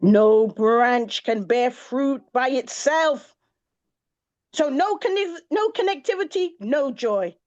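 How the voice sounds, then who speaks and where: An English woman performs spoken-word poetry in a rhythmic, chant-like style, breaking into sung and exclaimed bursts. Her high voice has a darkish tone and lively intonation, and she takes a slow pace. The live gathering comes through in a dull, lo-fi recording.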